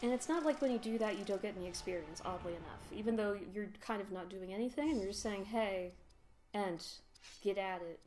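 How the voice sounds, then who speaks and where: A woman's voice: medium pitch, fast, few pauses, darkish tone, a little hiss or hum. A woman giving casual, rambling, sarcastic commentary over a video game playthrough, laughing often. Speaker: let's play commentator.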